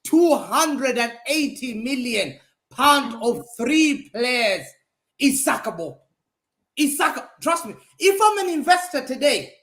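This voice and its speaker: A man giving a heated, mocking football rant as a regular pundit on a fan talk show, repeating his points for emphasis. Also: very high voice. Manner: animated, mocking, emphatic repetition. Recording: roomy echo.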